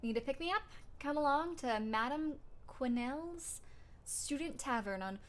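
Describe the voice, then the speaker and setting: A woman voicing a friendly, chatty young female bird who gossips gently. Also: sits high, animated, unhurried.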